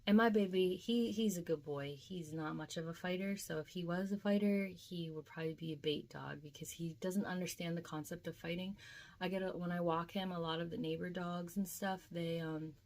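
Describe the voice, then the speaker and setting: A woman's voice: on the low side, steady tone, brisk, darkish tone. A young woman vlogging casually about a dream, chatty and emotional, with lots of filler words. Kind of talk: casual dream diary vlog.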